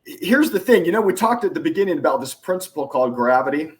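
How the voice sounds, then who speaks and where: A man telling sales stories as a podcast guest, acting out the dialogue with lively shifts in his delivery. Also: fairly high pitch, fast talker. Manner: animated, acts out dialogue in anecdotes. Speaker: podcast guest, influence expert. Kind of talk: casual storytelling interview.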